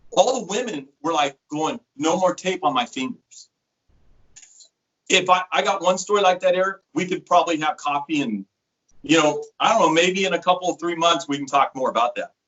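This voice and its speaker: Heard through dull audio, a high-pitched middle-aged man chats in a storytelling interview. A sales rep by trade, he explains products and animatedly acts out the lines of people he quotes.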